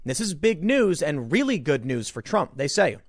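A man hosting a solo commentary show, talking in an opinionated, animated way and slipping into mocking impressions. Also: on the high side, moderate pace, dry recording, studio quality. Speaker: political commentator.

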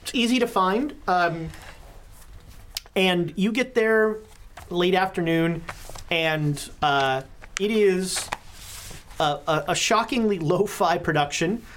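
Woman GM, lower voice, halting narration, faint hiss. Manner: halting, lots of fillers. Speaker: game master. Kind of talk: narrating a tabletop game.

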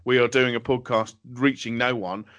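A man rants his way through comedy podcast banter, exasperated and swearing often. His voice is bright and forceful, recorded dry and close with no room sound. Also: mid-range voice, steady tone, moderate pace, no room sound, dull audio. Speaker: podcast co-host.

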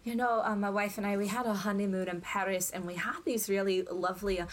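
A woman's voice: mid-range voice, fairly even intonation, quick pace, a little hiss or hum, natural voice. A woman putting on a genial middle-aged Scottish baker who hesitates and rambles with fillers. He sounds earnest and talks in a roundabout way.

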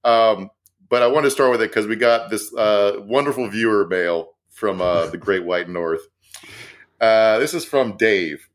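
Quick-talking male co-host, fairly low voice, salty and jokey. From American South. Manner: fast-talking, profane, laughing asides. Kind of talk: casual comedic news chat.

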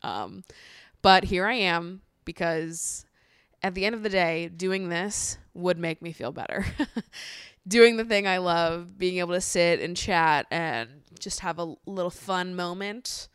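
A woman's voice: fairly low pitch, slow pace, clean tone, no echo, studio quality. A young woman hosting a podcast in candid casual chat, laughing often and using plenty of slang. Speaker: podcast host.

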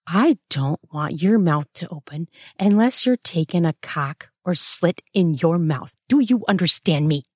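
A woman's voice: fairly low pitch, lively intonation, a little slow, few pauses, husky, no room sound, clean studio sound. A woman reading a story aloud, voicing a sneering, domineering older nun with a hissing, snarling delivery. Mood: scornful. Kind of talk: read-aloud erotic story.

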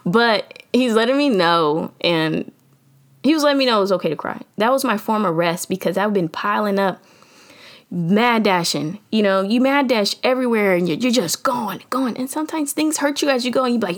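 A woman hosts a podcast and gives motivational talk in a lively, slangy way. Her pitch sits in the middle, and she leans into a preachy, encouraging tone and laughs now and then. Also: fast. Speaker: podcast host.

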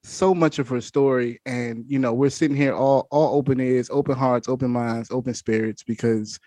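A man's voice: medium pitch, normal speed, no room sound. Enthusiastic male host, dry close sound. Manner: enthusiastic, relaxed and informal. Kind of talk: casual podcast conversation.

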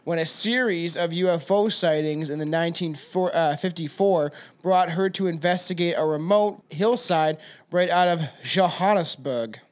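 A man's voice: fairly high pitch, moderate pace. A young man co-hosting a casual podcast, rambling loosely and swearing freely as he tells a story. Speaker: podcast co-host. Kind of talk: casual stoner podcast chat.

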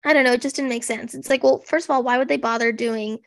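A woman's voice: on the high side, fairly even intonation, fast talker, creaky, no echo, clean studio sound. A woman co-hosting a podcast, chatting sarcastically about a TV special with lots of "like" fillers. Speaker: podcast co-host. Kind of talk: casual chat recapping a TV special.

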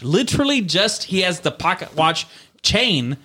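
A man's voice: high-pitched, big pitch swings, unhurried, bright, forceful tone. A young man hosting a casual podcast chat, telling a long story in a profane, rambling way.

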